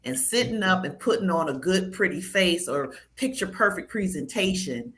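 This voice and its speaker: A woman speaking emphatically on a church panel discussion, preacherly and animated. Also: fairly low pitch, normal speed.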